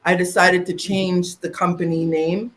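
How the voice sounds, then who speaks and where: A middle-aged woman from Canada, a podcast guest telling her own story in a lively conversational way. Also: on the low side, a little slow. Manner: animated, acts out quoted voices.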